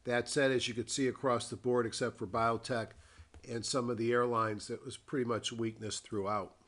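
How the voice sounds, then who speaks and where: Unhurried man reviewing the market. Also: medium pitch, little pitch movement, a bit bright. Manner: unhurried, thinking aloud with frequent ums and pauses; reads a formal disclaimer. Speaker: trader giving a weekly market review. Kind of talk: dictated screen-share market commentary.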